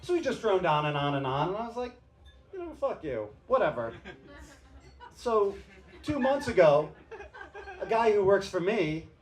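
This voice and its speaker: A man's voice: sits high, lively intonation, moderate pace. A man doing a loose, unscripted, self-deprecating stand-up set on a bar stage. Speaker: stand-up comedian. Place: comedy bar stage with live audience.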